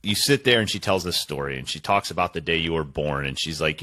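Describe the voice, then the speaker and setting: A man's voice: low voice, a little fast, fairly bright tone, no echo. A man in his thirties hosting a casual chat, telling a long, emotional, rambling story.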